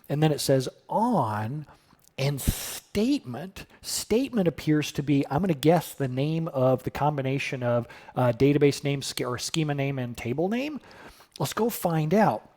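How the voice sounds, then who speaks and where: A man's voice: fairly high pitch, a little mellow. A middle-aged man live coding on a stream, thinking aloud casually with sudden surprised exclamations and answering chat questions.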